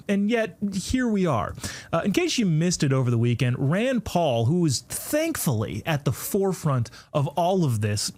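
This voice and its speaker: Lively, sarcastic talk show host. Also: mid-range voice. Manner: sarcastic, mocking asides. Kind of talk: political commentary monologue.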